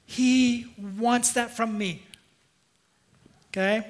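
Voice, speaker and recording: Bright, high-voiced preacher. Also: male voice, steady tone, takes it slowly. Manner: earnest, emphatic, leads the congregation in call-and-response. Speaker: pastor. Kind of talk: sermon.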